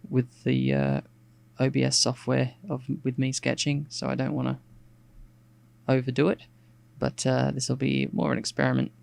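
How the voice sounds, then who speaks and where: A man with an Australian accent, softened by some English RP, chats casually and rambles aloud while sketching on a live stream, with plenty of fillers and restarts. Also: medium pitch, gravelly, dry recording. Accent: Australian, with some English RP picked up. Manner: relaxed and rambling, thinking aloud with many fillers. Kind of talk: casual narration while drawing.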